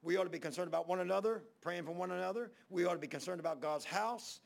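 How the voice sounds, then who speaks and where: A male pastor delivers a rambling, folksy storytelling sermon in the Southern preacher style, acting out the people he quotes. His voice sits high, moves quickly, and has vocal fry.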